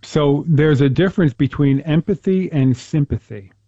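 A man's voice: on the high side, normal speed, mellow, no echo, dull audio. A man hosting a casual conversation about faith, talking earnestly and telling stories, often restarting his sentences. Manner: earnest, storytelling, with frequent restarts. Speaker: host.

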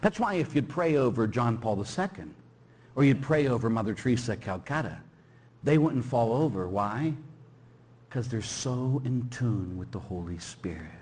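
A man's voice: medium pitch, moderate pace, breathy edge. A middle-aged man, a Catholic priest, telling stories in a homily, acting out the people in them and tagging lines with "huh?". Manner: animated storyteller, acts out quoted people and sound effects, keeps tagging "huh?". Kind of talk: storytelling homily.

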